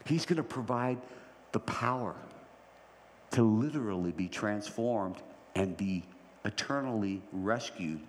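A man's voice: on the low side, lively intonation, unhurried, pauses often. A man preaching a sermon as pastor, conversational, often checking in with "right?". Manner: conversational, repeats "right?" for emphasis. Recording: reverberant hall, faint ambience.

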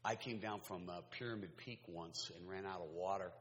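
Low-voiced man preaching in echoey hall. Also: moderate pace, a bit bright. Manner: conversational storytelling with audience asides. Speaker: pastor. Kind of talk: sermon. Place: large hall. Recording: echoey hall, faint ambience.

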